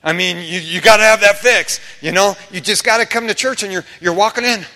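A man preaches in a church sanctuary, slipping into casual stories and acted-out voices with a joking touch. His voice sits high and sounds bright and forceful. The room rings with a long, hall-like reverb. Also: a little fast. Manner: animated, casual storytelling with humor and acted-out quotes. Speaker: pastor. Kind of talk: sermon.

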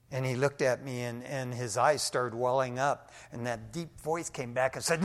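A man's voice: mid-range voice, takes it slowly. Folksy older male preacher in a reverberant hall. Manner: animated, folksy testimony with frequent "man". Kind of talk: storytelling sermon.

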